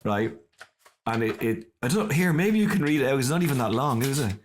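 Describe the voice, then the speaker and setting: A middle-aged Irish man, a comedian guest, telling animated stories and acting out the people in them. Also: medium pitch, a little fast, a little hiss or hum. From Ireland. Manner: acts out voices and quotes in his stories, laughs often. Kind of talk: animated anecdotal storytelling.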